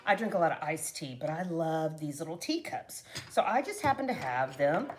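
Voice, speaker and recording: Chatty woman with a lively voice. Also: low-pitched, moderate pace. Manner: chatty, talks to viewers as "guys", laughs often. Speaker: cooking vlogger. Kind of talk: casual cooking chat to camera.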